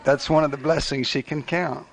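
A man's voice: a little high, fairly even intonation, moderate pace, gravelly, some chatter behind. An older man preaching a sermon in a folksy, conversational way, acting out little asides. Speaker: pastor.

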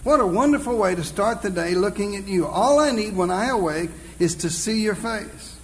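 A man preaching a sermon, earnest and exclaiming, reading scripture slowly and deliberately. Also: high-pitched, lively intonation, a little hiss or hum, poor audio.

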